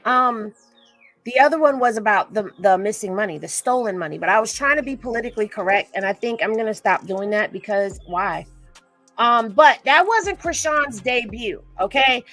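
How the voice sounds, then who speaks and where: A chatty woman running a gossip commentary, sassy and quick to laugh. Her voice sits a little high and comes across bright and forceful, with faint music playing behind her. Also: animated, no room sound. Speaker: commentary host.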